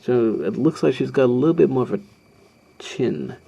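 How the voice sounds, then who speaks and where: A man's voice: medium pitch, big pitch swings, moderate pace, gravelly, dark tone, slightly rough. A man talking through a drawing tutorial as he sketches, hesitant and rambling, with many ums and self-deprecating asides. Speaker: art tutorial host. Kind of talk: narrating a live drawing tutorial.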